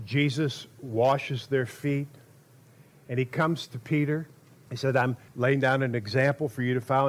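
A man preaching a sermon, telling the story in an animated way and acting out quotes loudly, with short laughs between phrases. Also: mid-range voice.

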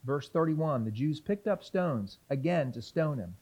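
Higher-voiced man teaching a Bible lesson. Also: animated, measured pace, darkish tone, husky. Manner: conversational teaching with questions to the audience; reads scripture aloud.

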